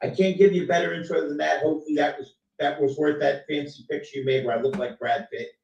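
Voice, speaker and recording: A man hosting a casual online chat, animated and teasing, his voice rising and falling as he talks. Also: a little high, fast talker, creaky. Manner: animated, teasing, swings loud and soft. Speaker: host. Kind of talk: casual chat on a video call. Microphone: video call. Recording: dull, roomy sound, distant from the mic.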